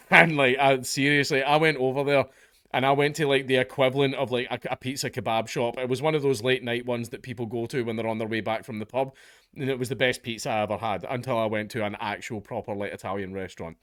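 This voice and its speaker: A man's voice: mid-range voice, steady tone, fast, a bit bright, no echo, clean studio sound. Sweary Scottish man ranting dryly. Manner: profane, mocking, sarcastic rant. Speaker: online commentator. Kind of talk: ranting commentary.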